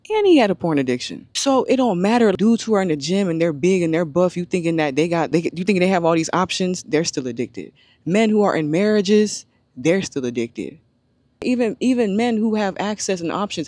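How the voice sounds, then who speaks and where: A woman in casual chat, talking in a chatty, animated way and laughing often. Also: on the low side, no room sound. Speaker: guest.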